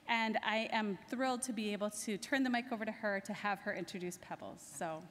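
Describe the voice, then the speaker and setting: A woman's voice: mid-range voice, fairly quick, a bit bright, slight background noise. A woman introducing speakers at a conference, enthusiastic and candid, with some filler words. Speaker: society president presenting award. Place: large conference hall. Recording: long hall reverb.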